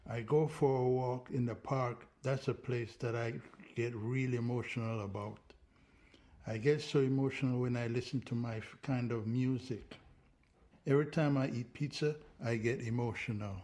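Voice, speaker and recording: A man's voice: medium pitch, steady tone, moderate pace, warm tone. Man earnestly reciting a short poem on radio. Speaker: guest poet. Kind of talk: poetry reading on radio.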